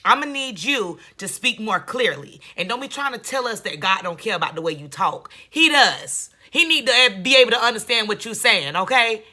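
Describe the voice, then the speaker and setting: A woman's voice: fairly high pitch, expressive, normal speed, few pauses, sharp tone. A woman giving casual reaction commentary on a video, blunt, sarcastic and scolding, often repeating herself for emphasis.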